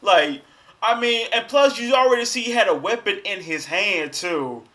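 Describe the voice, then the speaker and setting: A man's voice: sits high, moderate pace, fairly bright tone. A young adult man hosting a live reaction stream, talking back at the screen in casual slang. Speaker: livestream host.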